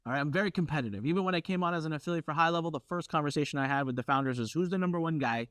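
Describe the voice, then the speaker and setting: A middle-aged man hosting a workshop, telling a brash, competitive story with lively asides. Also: a little high, rapid-fire, no echo, clean studio sound. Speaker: workshop host.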